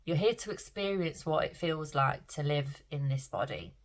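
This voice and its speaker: A woman's voice: low-pitched, moderate pace. A middle-aged woman talking candidly to camera in a rambling way, emotional and close to tears, swearing freely. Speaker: spiritual vlogger. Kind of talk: casual talk to camera.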